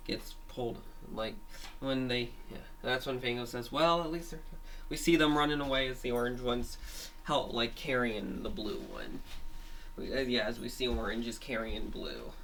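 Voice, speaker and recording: Slow, hesitant man retelling a story. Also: medium pitch, a bit bright, a little hiss or hum. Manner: many restarts and fillers, hesitant. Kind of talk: rambling retelling of a made-up story.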